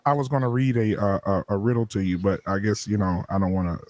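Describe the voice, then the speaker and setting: A man joining a casual group livestream chat, animated and joking, sometimes putting on a smooth-talking tone. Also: lowish voice, quick pace, dry recording, studio quality. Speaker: livestream guest.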